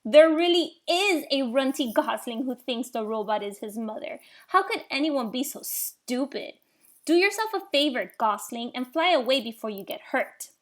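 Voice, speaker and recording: A woman voicing a sarcastic, bossy young female bear with a mocking, loud delivery. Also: sits high, animated, normal speed.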